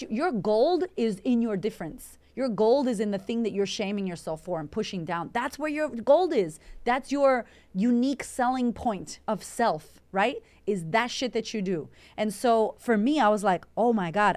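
This is a woman from Puerto Rico running an Instagram live as a confidence coach, and her voice sits a little higher than most. She talks in a brash, energetic way and swears freely. She reads out viewer comments and answers them on the spot. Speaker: confidence coach and podcast host.

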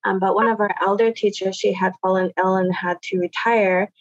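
A woman's voice: mid-range voice, normal speed, dry recording. Easygoing woman chatting, slightly muffled audio. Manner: relaxed, many fillers like "you know" and "um". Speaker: guest, language teacher. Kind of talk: casual conversational storytelling.

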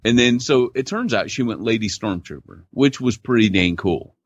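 A man's voice: mid-range voice, animated, normal speed, husky, no room sound. A man co-hosting a podcast, telling stories in casual chat with laid-back slang over a remote call mic. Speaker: podcast co-host. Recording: dull lo-fi dry audio.

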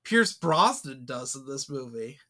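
A man co-hosting a podcast, giving opinionated, animated views in a casual film discussion. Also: medium pitch, a little slow. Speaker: podcast co-host.

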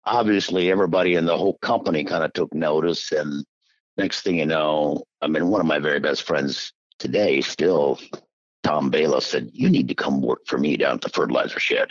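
A very low, husky male voice that swings up and down a lot as he tells his story. He is a middle-aged man from Iowa, folksy and animated. The sound is dry and a bit dull. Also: a little fast, no room sound. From Iowa, USA. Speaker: interview guest. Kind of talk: casual storytelling.

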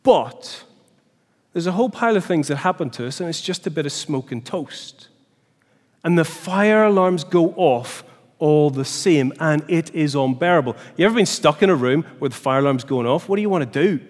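A man giving a lively church seminar talk, often putting questions to the audience and restarting his phrases. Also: a little high, moderate pace. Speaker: seminar speaker. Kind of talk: teaching talk. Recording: long hall reverb.

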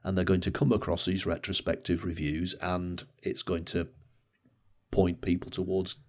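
Low-voiced man in casual podcast chat. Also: little pitch movement, normal speed, darkish tone. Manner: conversational, hesitant restarts. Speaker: podcast co-host.

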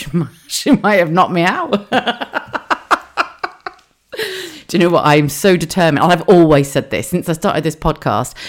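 A woman in her forties hosting a solo podcast, telling stories in a chatty, earthy way. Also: sits low. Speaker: podcast host. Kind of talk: casual solo podcast storytelling.

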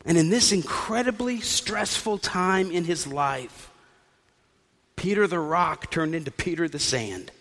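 Male pastor, slightly high voice, animated storytelling sermon, recorded with long hall reverb. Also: measured pace.

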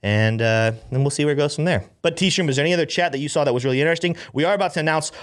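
A young man co-hosting a casual crypto livestream, energetic and promotional, with many fillers. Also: on the high side, rapid-fire. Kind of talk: casual live-stream chat.

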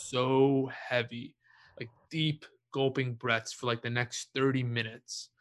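Young man, bright tone, casual storyteller, relaxed and profane, laughs at himself. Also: medium pitch, slow pace. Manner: relaxed, swears freely, laughs at his own story. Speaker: guest telling a story.

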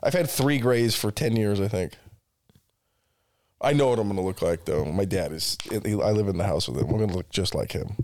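A man's voice: on the low side, a little fast, darkish tone. A young man co-hosting a podcast, chatting casually with a crude, joking manner and plenty of swearing. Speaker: podcast co-host. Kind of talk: casual chat.

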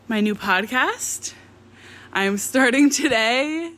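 Slow, rambling young woman podcaster. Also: mid-range voice. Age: 20s. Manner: rambling, candid, with frequent ums and self-interruptions. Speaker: podcast host. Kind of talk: casual solo podcast chat. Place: indoors at home.

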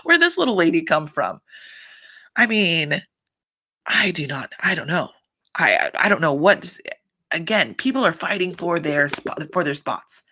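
A woman's voice: lowish voice, a little slow. A woman in a casual recap chat, swearing a lot and filling her talk with "like," acting out quotes with laughs. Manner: profane, filler-heavy with constant "like"; animated, acts out quotes with laughter. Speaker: reality show recapper.

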